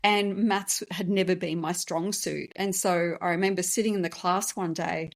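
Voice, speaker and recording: A woman's voice: on the low side, steady tone, moderate pace, creaky. A woman hosting a podcast, telling a personal story in a candid, emotional, conversational way. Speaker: podcast host and business founder.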